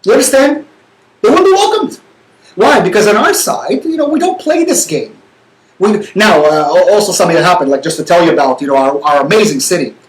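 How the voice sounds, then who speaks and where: A man hosting a talk show, arguing passionately and fast, repeating words when worked up. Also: sits high, animated, roomy sound, low-quality recording. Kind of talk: heated talk-show debate.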